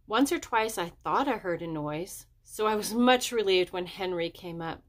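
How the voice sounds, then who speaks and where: A woman reading a children's chapter book aloud, raising her pitch for the children's dialogue. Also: expressive, moderate pace. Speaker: audiobook reader. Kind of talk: storybook narration.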